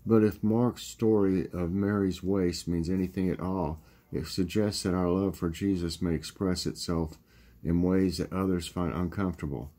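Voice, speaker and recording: A man, hosting his own channel, reading a morning devotional and praying in a calm, steady way. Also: deep voice. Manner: calm, steady reading, casual chat at the end. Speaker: vlog host leading devotions.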